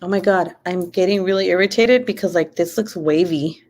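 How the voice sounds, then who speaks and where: A woman's voice: fairly low pitch, a little fast, a little mellow, slight background noise. A young woman YouTuber chatting casually and rambling while she crafts, swearing freely. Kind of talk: casual late-night craft livestream chat.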